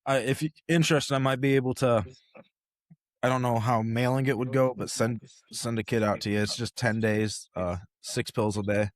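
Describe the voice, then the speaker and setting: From his home podcast setup, a man hosting the show rambles through a casual chat, easygoing and heavy on fillers. He speaks in a mid-range voice at normal speed, and the sound is clean and studio-like with no echo.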